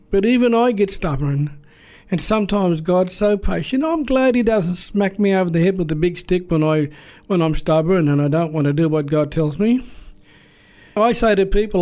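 A middle-aged Australian evangelist man tells his own story in earnest and acts out each exchange as he goes. His voice sits high and sounds mellow and soft-edged. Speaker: Aboriginal evangelist. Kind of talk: personal testimony.

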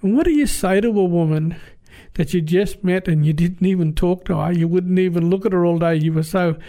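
A man's voice: high-pitched, a little fast, mellow. An Australian man telling a personal story in an earnest, plain-spoken, conversational way. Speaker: guest telling his testimony.

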